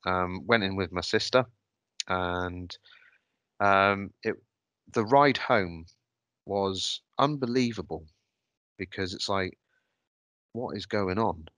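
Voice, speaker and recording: A man hosts a podcast and tells a personal story. His voice sits very low, yet it comes across bright and forceful, and the sound is dry and close. He speaks hesitantly, pausing and restarting as he reflects. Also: dry recording. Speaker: podcast host.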